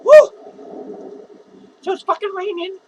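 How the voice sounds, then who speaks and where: Squeaky-voiced drunk clown, male, self-pitying and foul-mouthed, slurred comic rant. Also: expressive, measured pace, a little hiss or hum, poor audio. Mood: drunk rambling. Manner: slurred, rambling, profane, giggling. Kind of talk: comedic character monologue.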